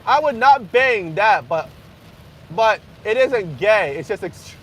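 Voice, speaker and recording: A young man hosting a casual livestream, joking crudely and half-yelling to be heard over loud background noise. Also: sits high, lively intonation, slow. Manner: crude joking, frequent laughter. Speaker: livestream host. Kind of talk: casual livestream chat with viewers.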